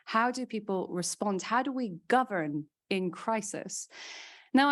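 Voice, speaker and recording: A woman legal scholar giving a seminar lecture to a small audience in a room. She speaks emphatically and with animation, stacks her points in lists and drops playful asides. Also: mid-range voice.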